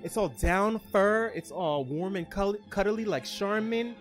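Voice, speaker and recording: A woman's voice: mid-range voice, unhurried. A woman hosts a game night on stream with a mid-range voice, cracking jokes in loose slang and tossing in playful put-on voices. Faint music runs beneath her. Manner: loud, joking, slangy banter with put-on voices. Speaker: trivia night host. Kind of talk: casual streamed game commentary.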